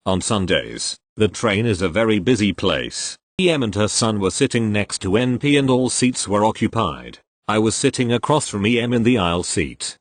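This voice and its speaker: A man's voice: fairly low pitch, expressive, normal speed, hardly any pauses, no echo. A man reading online posts aloud as the regular narrator, dropping his voice for names and labels. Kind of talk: scripted narration.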